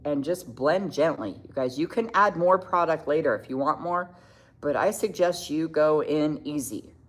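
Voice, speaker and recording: A middle-aged woman hosting a casual makeup tutorial livestream, chatty, reading viewer comments aloud and quick to laugh. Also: sits low.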